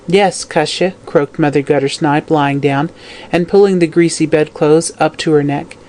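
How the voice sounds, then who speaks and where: A narrator reading a classic crime novel aloud in a steady, scripted audiobook style. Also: medium pitch, normal speed.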